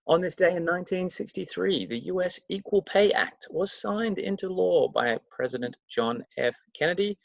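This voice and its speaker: A man's voice: high-pitched, lively intonation, moderate pace, creaky, hardly any pauses, dry recording. A man presenting a daily history explainer, talking his way through dates with dry, facetious asides. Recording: dull, lo-fi, dry mic sound.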